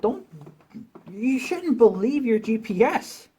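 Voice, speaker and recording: A man's voice: extremely high pitch, very animated, slow pace, warm tone, husky. A man venting in a rambling, profane rant as a vlogger, talking casually to his viewers.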